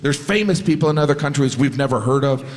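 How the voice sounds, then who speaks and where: A man performing a stand-up comedy bit, telling an animated story and mimicking other voices. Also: medium pitch, fast talker. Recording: live stage audio with long reverb and audience noise.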